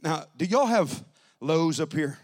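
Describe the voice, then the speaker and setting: A man preaching a Pentecostal sermon, teasing and conversational at first, then building to shouted, drawn-out preaching. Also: fairly high pitch, expressive. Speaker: pastor.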